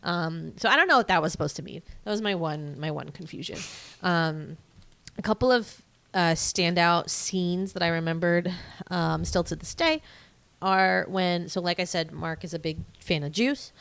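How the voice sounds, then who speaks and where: A woman's voice: normal speed, vocal fry. A woman co-hosting a podcast, chatting casually and acting out film lines in a jumped-up voice, with many fillers and laughs. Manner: animated storytelling, acts out movie lines in a high voice. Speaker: podcast co-host. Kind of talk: casual chat.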